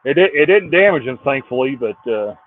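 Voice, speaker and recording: A man's voice: mid-range voice, expressive, a little fast, dry recording. A man chatting casually as a guest, telling stories with dry humor. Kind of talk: casual chat. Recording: tinny phone-like line.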